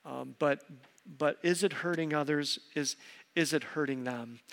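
A middle-aged male pastor preaches in an earnest, emphatic way, often repeating a word as he presses his point. His voice sits a bit high for a man. The sound rings out with the long reverb of a church sanctuary. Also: measured pace, creaky, a bit bright. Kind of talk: sermon.

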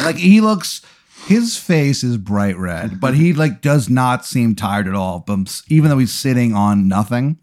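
A man hosting a comedy podcast, spinning an improvised absurd scenario in a rambling, deadpan way full of fillers. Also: medium pitch, measured pace. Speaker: podcast host. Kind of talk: improvised comic storytelling.

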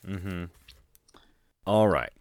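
A man's voice: low voice, lively intonation, drawn-out words, a little mellow. A man co-hosting a casual book podcast, easygoing, laughing often and reading passages aloud. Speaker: podcast co-host.

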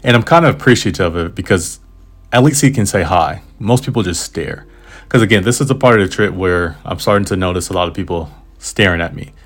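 A man's voice: low-pitched, brisk, breathy edge. An American man, a travel writer, casually telling a travel story in a rambling, self-aware way with asides and restarts. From United States.

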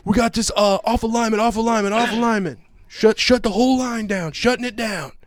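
A man mimicking a harried male airport security officer who barks orders in a high, strained voice. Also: a little fast, no echo, clean studio sound, close to an everyday voice. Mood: barking.

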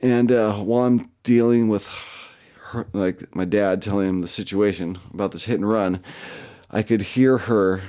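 A man's voice: lowish voice, fairly even intonation, moderate pace, warm tone. A man casually telling a personal story, rambling and profane, with lots of fillers and self-mocking asides.

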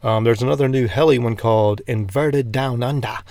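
Gravelly laid-back man podcasting. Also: mid-range voice, fairly quick, darkish tone, no room sound. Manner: laid-back, rambling, many fillers. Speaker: podcast host. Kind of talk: casual solo podcast. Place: inside his parked truck.

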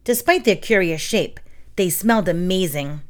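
Woman, storybook reading, soft steady voice, children's tales. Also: lowish voice, moderate pace. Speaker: reader of children's stories.

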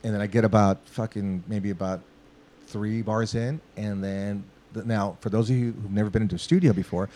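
A man's voice: lowish voice, fairly quick. A man from Los Angeles telling a long studio story in a casual, profane way, acting out what people said. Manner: profane, animated, acts out quotes. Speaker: guest musician.

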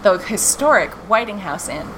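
Brief: woman co-host, lively swooping delivery, laughs a lot, noisy room behind. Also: mid-range voice, moderate pace. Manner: animated storyteller, laughs often. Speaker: travel podcast co-host. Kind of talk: casual chat. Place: room in a historic inn. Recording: clear background room noise.

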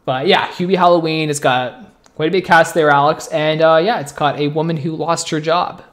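A man co-hosts a casual pop-culture-style chat show. His voice sits a bit high for a man, and he rambles along with jokey asides and easy banter. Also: fairly even intonation, a bit bright. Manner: joking, rambling, quick asides. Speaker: podcast co-host.

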